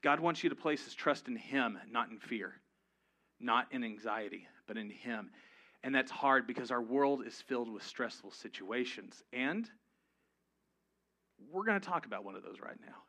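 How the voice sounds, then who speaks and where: A man's voice: mid-range voice, animated, moderate pace, fairly bright tone. A man preaching a sermon to his congregation, conversational and humorous, rising to emphatic peaks. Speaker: pastor. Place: church before a live congregation.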